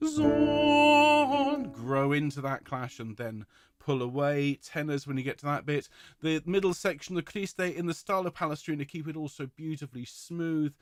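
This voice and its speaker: With faint music in the background, a man whose voice is a little high and fairly even in intonation runs an online choir rehearsal at a brisk pace. As director he's enthusiastic and warmly encouraging, occasionally singing vowels as examples.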